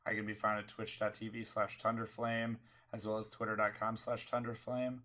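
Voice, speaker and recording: A man's voice: fairly low pitch, completely flat delivery, a little fast, pushed and bright. A sick young man, a streamer co-hosting a casual chat, his voice worn by a cold, talking in a rambling, self-deprecating way. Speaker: streamer and podcast co-host.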